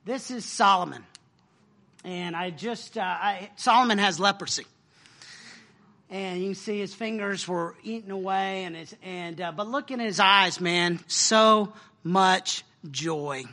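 A middle-aged man giving an informal, animated sermon about a mission trip, laughing often and using casual slang. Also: sits high, measured pace. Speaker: speaker sharing a mission trip story.

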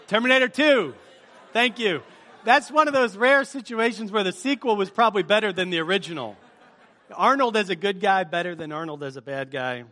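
A man's voice: high voice, a little fast, bright, forceful tone. A man leading a church congregation in a sermon opening, chatty and joking as he quizzes the crowd. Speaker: pastor. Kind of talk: sermon opening with a movie-quote game. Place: church service before a live congregation.

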